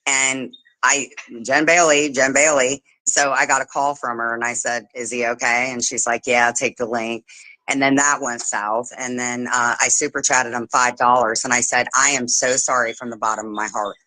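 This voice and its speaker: A woman hosting a casual livestream chat, telling animated stories, swearing freely and mimicking the people she talks about. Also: rumbling low, normal speed, no room sound, rough recording. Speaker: livestream host.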